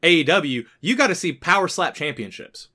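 Male podcast co-host, bright and forceful tone, heated and profane. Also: fairly high pitch, big pitch swings, a little fast, breathy edge. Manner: heated, swearing rants. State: sick. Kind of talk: casual podcast chat.

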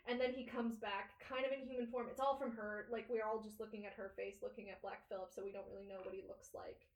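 A woman's voice: medium pitch, flat delivery, fast. A woman chatting casually on a podcast, retelling a film plot with giggles. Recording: echoey room, away from the mic.

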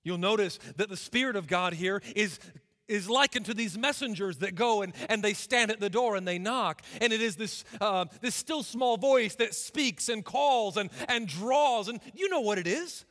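A man preaching a sermon as a guest preacher, impassioned and swinging from loud declarations to hushed, intimate asides. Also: high voice. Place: church sanctuary. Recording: reverberant church hall.

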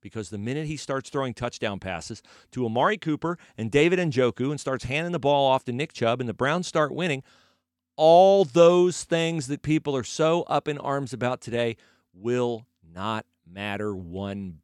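A sports talk host offers opinionated commentary, pressing his point with rhetorical questions and sarcastic emphasis. His medium-pitched voice is smooth at a moderate pace, recorded in a clean studio with no echo.

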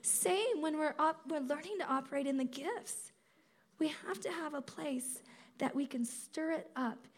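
A woman giving a sermon at a conference, conversational and animated, acting out quotes as she teaches. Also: sits high, normal speed. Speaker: speaker at a campus ministry conference.

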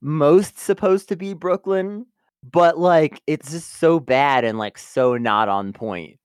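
A man's voice: a little high, slow pace, clear, resonant tone, dry recording, studio quality. A man co-hosting a casual review podcast, laughing often and stumbling over his words. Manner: laughs a lot, stammers, playful mock voices. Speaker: podcast co-host.

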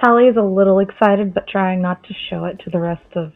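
A woman playing a tabletop game, chiming in with quick, wry questions. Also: mid-range voice, phone-quality sound, slight background noise. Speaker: player. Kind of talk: tabletop role-play.

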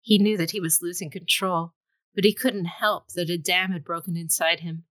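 A woman's voice: on the low side, fairly even intonation, normal speed, fairly bright tone, no echo, rough recording. A woman reading a fantasy story aloud with dramatic storytelling. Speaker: audiobook reader. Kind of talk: scripted fantasy narration.

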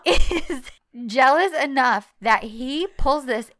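A woman's voice: sits high, slow pace, dry recording, studio quality. A woman in casual chat, recapping a show and acting out lines with lots of laughter. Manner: animated, acts out characters' lines with laughter. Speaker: podcast co-host recapping a TV drama.

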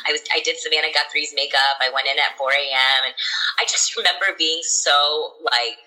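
A young woman telling her story as a guest in a casual interview, animated and full of "like". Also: deep voice, moderate pace, rough recording. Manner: animated, chatty, says "like" constantly.

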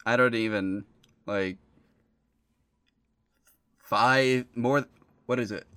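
A young man co-hosting a podcast, talking in a relaxed, dry way with many fillers. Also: mid-range voice, very slow, smooth. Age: young adult. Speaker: podcast co-host. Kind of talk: casual podcast banter.

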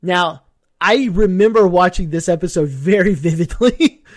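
A man co-hosting a casual recap chat, rambling, profane and quick to laugh. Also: high voice, no room sound, studio quality. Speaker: podcast co-host.

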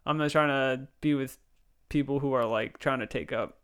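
A man's voice: mid-range voice, moderate pace, fairly bright tone, clear, resonant tone. A young man co-hosting a podcast in casual chat, joking and laid-back. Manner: joking, laid-back, drifts into silly put-on quotes. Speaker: podcast co-host.

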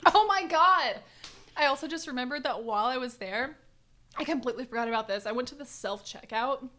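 A young woman co-hosting a podcast, telling a story in animated, casual chat. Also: high voice, fairly quick. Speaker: podcast co-host.

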